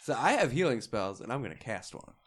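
A man with a lively, animated voice plays a tabletop game. He talks with a self-mocking, teasing humor. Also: medium pitch, brisk. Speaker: player.

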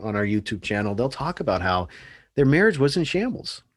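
Brisk, animated and earnest, a mid-pitched man tells stories during a casual podcast chat. The sound is dry and close, with no echo.

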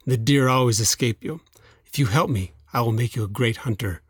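A feeble, dying alligator, as a man puts him on while telling a folktale, speaks low and hushed, pleading for help. The voice is dry and close, with no room around it. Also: fairly quick, breathy edge, dry recording, lightly acted.

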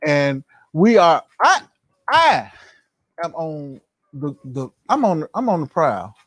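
Lively, teasing podcast co-host man. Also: on the high side, takes it slowly, dry recording, studio quality. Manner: loud, teasing, repeats questions for effect. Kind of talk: casual podcast banter.

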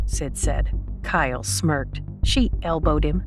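A woman narrating an audiobook with steady storytelling. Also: low voice, slow, music in the background.

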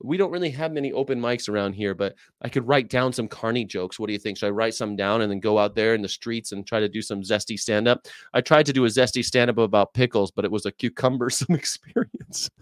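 A man's voice: lowish voice, fast, dry recording, studio quality. A man hosting a reaction video, brash and joking, swearing and repeating short slogans. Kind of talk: blunt reaction commentary.

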